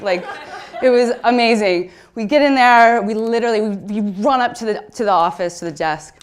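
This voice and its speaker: A woman in her thirties spins a comic story for a live talk. She is chatty and excitable and peppers every sentence with "like". Her mid-pitched voice often breaks into laughter mid-phrase. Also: normal speed. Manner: excitable and chatty, heavy use of "like"; laughs through her words. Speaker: speaker at a conference talk.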